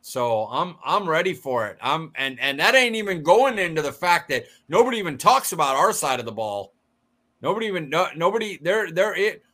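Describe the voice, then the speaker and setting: Fired-up bright-voiced man co-hosting. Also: a little high, very animated, fairly quick. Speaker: podcast co-host. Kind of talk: casual sports chat.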